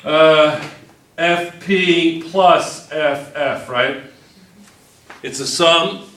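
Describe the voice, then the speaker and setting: A man's voice: on the high side, extremely slow, fairly bright tone, distant mic. A man teaching a physics class, joking and teasing his students as he works through problems. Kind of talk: classroom lesson. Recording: echoey classroom.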